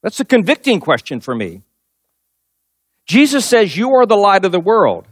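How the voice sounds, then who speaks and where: A man's voice: high-pitched, wildly swooping pitch, normal speed, breathy edge, no room sound, clean studio sound. A middle-aged male pastor preaching a sermon, telling a personal story and driving points home with emphatic repetition.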